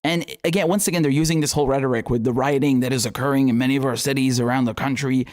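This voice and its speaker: A man's voice: mid-range voice, fairly even intonation, very fast, hardly any pauses, darkish tone. A young man hosting a political commentary show, talking casually with heated, profane, sarcastic outbursts and laughing asides.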